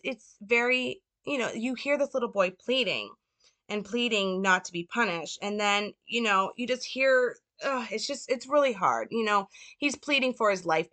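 A woman giving a casual, earnest film analysis, talking with lots of fillers and quick self-corrections. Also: mid-range voice, fairly bright tone. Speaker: film commentator.

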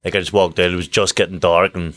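A man's voice: low-pitched, level tone, fast, a bit bright, dry recording. A man, a boxer telling sweary, laughing anecdotes in casual chat. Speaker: guest boxer.

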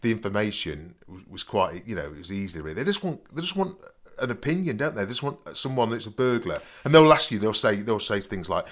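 A man's voice: lowish voice, sing-song, fast talker. A man telling a rambling story in casual chat, full of stammering restarts and "you know what I mean". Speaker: podcast co-host.

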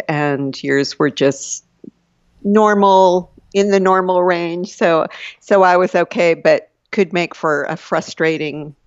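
Older woman guest, soft and hesitant, muffled dry recording. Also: low-pitched, no echo. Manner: soft-spoken, hesitant, laughs often. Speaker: guest, the host's mother. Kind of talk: casual chat. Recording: dull lo-fi sound.

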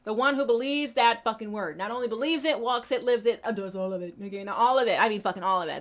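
A higher-pitched woman hosts her own podcast and talks straight to her audience. She rants with fiery, profane passion, repeats lines for emphasis, and swings from quiet asides to loud outbursts. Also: fast talker, hardly any pauses. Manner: profane, fiery ranting with big swings in volume; addresses listeners directly, repeating for emphasis. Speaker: podcast host. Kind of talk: impassioned monologue.

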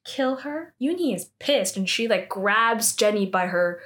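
A woman's voice: medium pitch, expressive, a little slow, fairly bright tone. A woman casually recapping a drama plot, chatty and peppering her talk with "like". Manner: chatty, heavy use of 'like' fillers.

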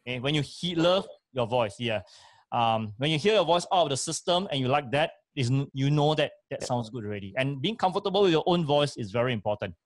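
A man's voice: medium pitch, lively intonation, a little fast, dry recording, studio quality. A man giving emphatic, repetitive speaking advice on a talk show, with frequent fillers. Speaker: voice and speaking coach.

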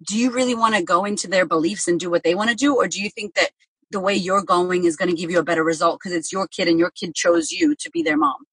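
A woman talks frankly about motherhood, swearing freely and acting out what other people say. Her voice is a little husky. The recording sounds close and dry, with no room echo. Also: on the low side, fast. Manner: blunt, profane, animated storytelling with acted quotes. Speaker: parenting guest. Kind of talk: candid podcast conversation.

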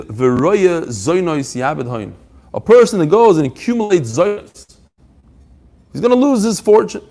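A man teaching a Talmud class, emphatic and animated, quoting passages and explaining them in English. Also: on the high side. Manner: animated, emphatic, mixing Hebrew-Aramaic quotes with English explanation.

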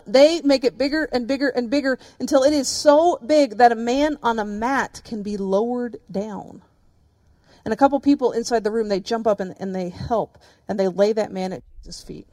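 A woman's voice: a little high, normal speed, a little mellow, no room sound. A woman pastor preaching a sermon, telling the story vividly and speaking directly to her listeners.

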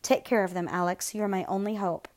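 A woman voicing a tearful, desperate man who speaks in halting phrases, reading from a storybook. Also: medium pitch, fairly even intonation, darkish tone, close to an everyday voice. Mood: grieving. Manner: halting, broken.

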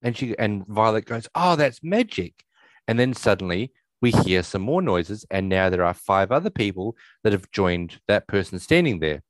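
A man's voice: lowish voice, sing-song, moderate pace, no room sound, rough recording. Rambling man retelling a movie scene. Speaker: podcast co-host. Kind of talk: casual movie recap chat.

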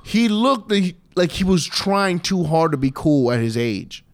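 A man's voice: high voice, big pitch swings, unhurried, crowd noise. A man in his twenties telling a long story in casual podcast chat, rambling with many restarts and swearing freely. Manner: rambling, profane, restarts and trails off. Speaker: podcast co-host.

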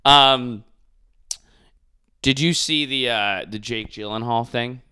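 A man's voice: medium pitch, slow pace, bright, forceful tone, clear, resonant tone. Crude, ranting male podcast host. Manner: crude, sarcastic ranting with frequent "dude". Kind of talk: casual comedic chat.

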